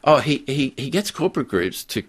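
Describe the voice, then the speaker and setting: An older man telling a story in a radio interview, halting with frequent restarts and fillers. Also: mid-range voice, sing-song, slightly rough. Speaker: guest, community pastor.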